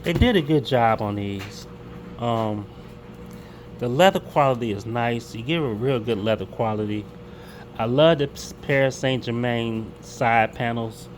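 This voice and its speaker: A man's voice: mid-range voice, measured pace, a little hiss or hum. Easygoing man showing his sneakers. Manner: relaxed, repeats words and restarts, casual slang. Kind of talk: casual unboxing vlog.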